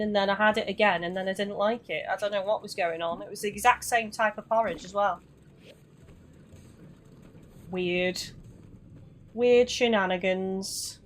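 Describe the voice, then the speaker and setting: A woman's voice: mid-range voice, fairly bright tone. A woman chatting casually to her viewers while live-streaming a game, swearing now and then.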